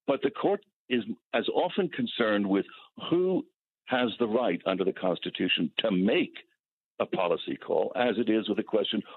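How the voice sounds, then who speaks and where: A man, a legal scholar guest, explaining constitutional questions in a measured, lecturing way over a phone-line interview. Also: fairly low pitch, slight background noise.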